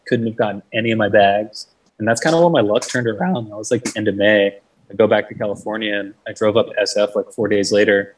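Young guy telling a story, husky lowish voice, lots of cussing and "like", sounds kinda far from the mic. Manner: swears freely, fills with 'like', acts out quoted people. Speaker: guest. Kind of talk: casual storytelling. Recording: mic set back from the speaker.

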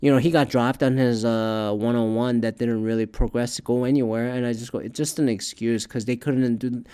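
A man hosting a casual talk show, ranting in a rambling, profane way and growing loud and worked up. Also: medium pitch, fairly even intonation, fairly quick, clear, resonant tone.

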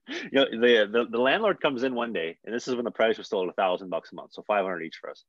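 Brief: animated young man, swears freely, dry close sound, a bit dull. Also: lowish voice, quick pace, dry recording. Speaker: guest, hockey player. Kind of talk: casual storytelling.

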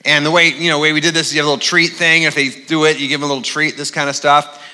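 A man's voice: on the high side, little pitch movement, rapid-fire, bright, forceful tone. A male pastor preaching a sermon in a conversational, humorous way with frequent "uh" fillers, speaking in a large church auditorium. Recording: long reverb of a large hall.

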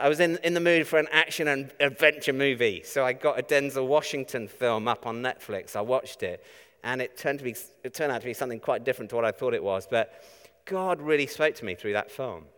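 Man, preacher, conversational sermon, smooth resonant voice, long hall reverb. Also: mid-range voice, brisk, fairly bright tone. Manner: conversational, chatty with rhetorical questions. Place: church. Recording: echoey church hall.

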